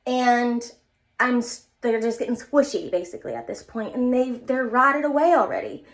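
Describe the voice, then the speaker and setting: A woman's voice: fairly high pitch, normal speed. A young woman giving an earnest, rambling motivational talk to her viewers in a casual vlog. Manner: earnest, rambling, repeats herself. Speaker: vlogger.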